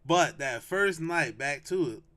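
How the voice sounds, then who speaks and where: A young adult man hosting a podcast, telling a casual story in a slangy, animated way and repeating lines for emphasis. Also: fairly high pitch, unhurried. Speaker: podcast host.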